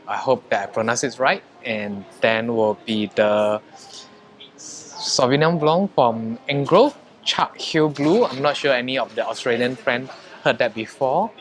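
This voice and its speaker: A man vlogging a casual review of hotel food, wine and rooms, chatty, with frequent pauses and fillers. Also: mid-range voice.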